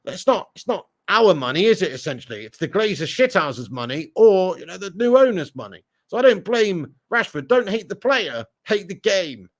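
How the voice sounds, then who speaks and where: A man's voice: high-pitched, big pitch swings, moderate pace, few pauses. A man hosting a live football chat, reading out viewer comments and teasing them with blunt jokes and frequent laughter. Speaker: fan channel host reading live chat.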